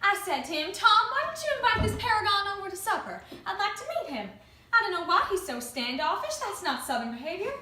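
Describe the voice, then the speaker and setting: Woman acting as a fussy Southern mother, very high, sing-song, echoey room, distant mic. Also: sing-song, fast talker, background noise. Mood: gushing. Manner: gushing, talkative. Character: fussy genteel faded Southern mother, chattering. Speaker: student performer. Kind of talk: amateur stage acting.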